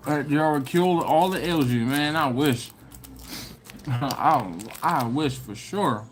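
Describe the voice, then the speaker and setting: A man's voice: fairly high pitch, animated, extremely slow, long pauses, soft background music. A man hosting a barbecue live stream, chatting casually and reading viewer comments aloud. He is laid-back and slangy, laughs often, and has a runny nose and a cough.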